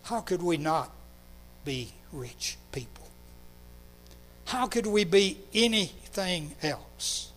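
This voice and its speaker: A man preaching a sermon, telling a story in a gently emphatic way. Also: high voice, expressive, slow pace, pauses often. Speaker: pastor.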